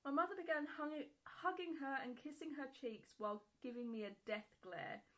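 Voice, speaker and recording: A woman's voice: high voice, normal speed, fairly bright tone, rough recording. A woman reading a Reddit post aloud and reacting to it bluntly, with frequent swearing and laughter. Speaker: YouTube reaction creator.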